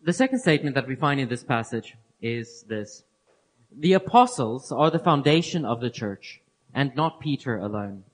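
A preacher gives an earnest, explanatory Bible teaching talk at a moderate pace, with big swings in pitch. He repeats key phrases and lets the ends of his phrases fall soft and low.

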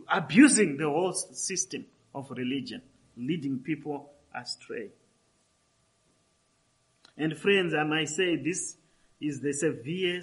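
A man preaching, his voice sitting a little high for a man. He drives his points home by repeating key phrases, rising and falling between loud stresses and quieter asides. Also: rough recording. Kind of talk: sermon.

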